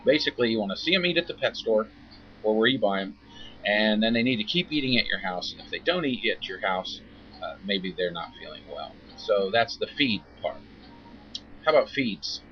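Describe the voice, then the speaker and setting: A man's voice: lowish voice, expressive, moderate pace. A man giving an informal talk as a koi veterinarian, chatty and wry, acting out mock quotes. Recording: dull lo-fi recording with faint noise.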